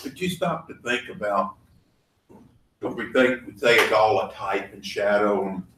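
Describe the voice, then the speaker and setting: A man's voice: lowish voice, measured pace. Thoughtful man heard from across an echoey room. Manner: thoughtful, trailing off and searching for words. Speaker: Bible study participant. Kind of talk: Bible study discussion. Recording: echoey room, distant mic, faint noise.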